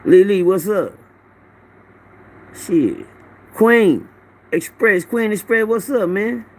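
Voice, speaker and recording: A middle-aged man with a high voice hosts a rambling livestream from his phone, naming viewers as he greets them and telling profane stories. He is very animated yet speaks slowly.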